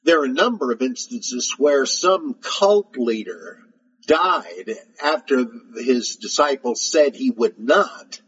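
A man hosting a podcast, answering listener questions in a rambling, halting way, with many fillers and pauses to search for words. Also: medium pitch, animated, a bit bright, slightly rough, lo-fi sound. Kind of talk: casual spoken Q&A.

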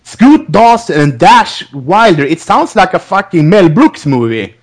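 A man's voice: high voice, very animated, a little slow. A man hosting a podcast, recapping wrestling in a rambling, casual way, laughing often between restarts. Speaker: podcast host.

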